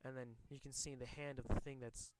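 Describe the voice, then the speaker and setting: A man's voice: medium pitch, little pitch movement, very noisy. A man casually reading a comic aloud and commenting on it, often stumbling and rereading lines. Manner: halting, rereads and corrects himself. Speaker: comic reader.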